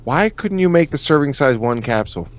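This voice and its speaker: A man's voice: on the high side, lively intonation, fairly quick, highs cut off. A man co-hosting a casual comedy podcast, joking around and tripping over long words. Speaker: podcast co-host.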